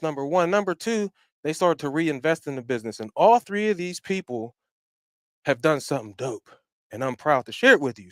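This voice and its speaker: A man hosting his own podcast, giving energetic, slangy shout-outs that swing between loud bursts and quiet asides. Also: fairly high pitch, no echo. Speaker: podcast host.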